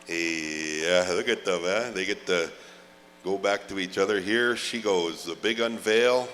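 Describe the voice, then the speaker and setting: A man emceeing a live event, calling names slowly with drawn-out "oh, uh" fillers and light joking asides. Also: on the low side, a bit bright, in a large hall, soft background music. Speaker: pow wow emcee. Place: large outdoor event grounds.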